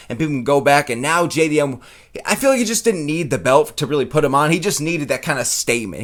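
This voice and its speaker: Fast-talking man ranting profanely. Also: mid-range voice. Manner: profane, emphatic, keeps tacking on "okay?". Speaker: MMA commentary YouTuber. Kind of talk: casual ranting commentary.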